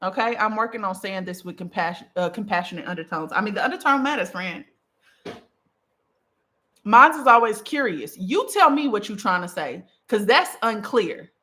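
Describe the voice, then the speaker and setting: A woman coaching on communication in a casual teaching talk, emphatic and animated, checking in with the listener after nearly every point. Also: medium pitch, moderate pace. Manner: emphatic, checks in with "okay?" and "right?"; animated, punchy delivery.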